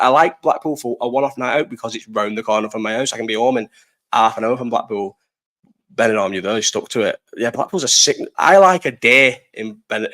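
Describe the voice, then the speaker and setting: Young lancashire lad rambling on a live stream, swears a lot, laughs, mid pitch. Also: male voice, a bit bright. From Bolton, North West England. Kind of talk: casual chat answering live chat.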